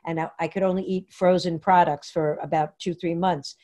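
A woman from Long Island telling her own recovery story at an online meeting, halting and rambling with many fillers and restarts. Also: fairly low pitch, steady tone, warm tone. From New York, Long Island. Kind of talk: personal share at a Zoom meeting. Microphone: computer mic on a video call.

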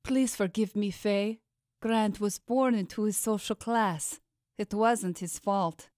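Audiobook role: a timid young servant woman, pleading and anxious, high-pitched, voiced by a woman narrator. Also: fairly even intonation, slow, darkish tone, no echo, clean studio sound, natural voice. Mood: fearful pleading. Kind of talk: audiobook character voice.

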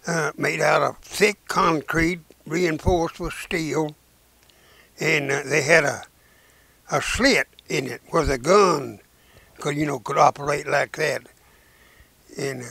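A man, a war veteran and preacher telling his memories slowly and haltingly in an interview, in folksy rural speech. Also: a little high, gravelly, fairly bright tone, no echo. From Arkansas, United States. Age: 90s. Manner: slow, halting storytelling with many "uh"s and restarts.

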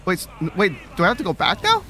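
Excitable man cursing through a game. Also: high voice, very fast, a little hiss or hum. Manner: swearing, exasperated, repeats himself when panicking. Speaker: streamer playing a horror game. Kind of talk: live gameplay commentary.

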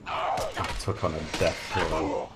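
Deep-voiced man joking through a playthrough. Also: steady tone, slow pace, loud music behind the voice. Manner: joking, swearing asides. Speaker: gamer. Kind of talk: casual gameplay commentary. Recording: background noise.

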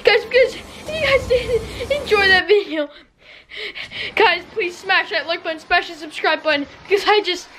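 A woman hosting a staged scary vlog at home. She talks in a panic, repeating pleas and denials and swinging between shrieks and low murmurs. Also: normal speed, slight background noise. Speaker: YouTuber host. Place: at home indoors. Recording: loud music under the voice.

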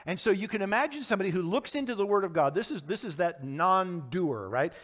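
A pastor with a high, bright voice teaches a verse-by-verse Bible study, speaking fairly quickly with lively intonation. He earnestly questions his audience and sometimes acts out quoted lines, and the room has a long hall reverb.

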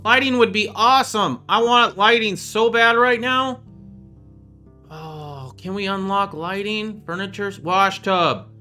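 Bright, high-voiced man joking through gameplay. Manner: chatty, playful, jokes at his own expense. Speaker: gaming video host. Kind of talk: casual gameplay commentary.

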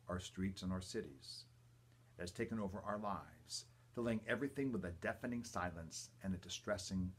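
An older man, a priest, reading the gospel and a homily in a measured, reverent way, with emphatic quotes and quiet asides. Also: low-pitched, husky. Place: church or home, livestream.

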